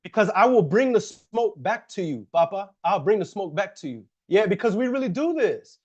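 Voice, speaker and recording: Man, high voice, livestream talk, blunt replies to the chat, lots of repeats, slightly muffled lo-fi sound. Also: very animated, moderate pace. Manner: confrontational, answers chat comments directly; repeats words and restarts often. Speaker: real estate investor and coach on a livestream.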